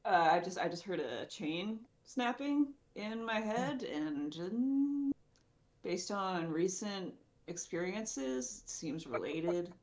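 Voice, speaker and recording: A woman playing a tabletop game speaks slowly with a lively, rising and falling pitch. She chats in a giggly, unhurried way. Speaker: player. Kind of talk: casual tabletop chat.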